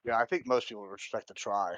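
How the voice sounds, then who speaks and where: A man joking around on a live stream, quick and playful in his delivery. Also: fairly low pitch, fairly even intonation, fairly bright tone, no room sound. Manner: quick, jokey, slips into comic voices. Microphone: video call. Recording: dry, slightly dull mic.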